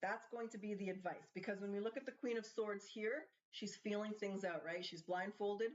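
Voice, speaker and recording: Asking the cards questions and thinking aloud, a woman chats through a casual tarot reading. She speaks at a moderate pace in a medium pitch with fairly even intonation, recorded in slightly dull lo-fi sound.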